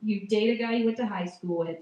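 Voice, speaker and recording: A woman's voice: mid-range voice, fast, mellow, far from the mic, lo-fi sound. A woman from a small town in Massachusetts performing a stand-up comedy set. She is chatty and self-mocking, and she often laughs at her own jokes. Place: live comedy open mic venue. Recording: roomy live venue, voice from afar.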